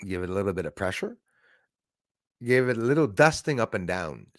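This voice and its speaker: A man hosting a live stream, telling a story in a casual, animated way full of fillers. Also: fairly low pitch, a little fast, dry recording, studio quality. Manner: animated, acts out quoted voices, frequent fillers.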